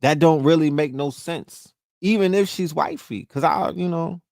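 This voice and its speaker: A man's voice: a little high, moderate pace, creaky, a little mellow, no echo. A man hosting a podcast, talking in a loose, profane monologue and often checking in with "you know what I mean?". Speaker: podcast host. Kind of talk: casual monologue.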